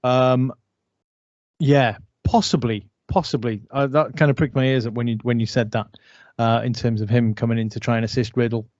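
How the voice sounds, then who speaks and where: A man's voice: medium pitch, fairly even intonation, normal speed, a little mellow, no room sound. Chatty man on a dry, dull mic. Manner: chatty, filler-heavy. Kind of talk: casual wrestling prediction chat.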